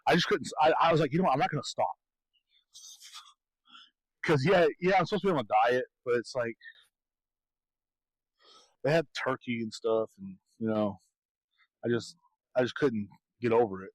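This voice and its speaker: A man's voice: medium pitch, moderate pace, long pauses, no room sound, low-quality recording. Man, podcast co-host, casual rambling chat, laughs a lot, dry close sound. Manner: laughs often, rambling storyteller.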